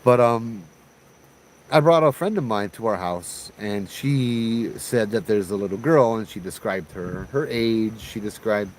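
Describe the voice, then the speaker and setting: A man's voice: mid-range voice, a little hiss or hum, rough recording. A man from Hawaii telling a ghost story in a laid-back, chatty way, using slang and laughing often.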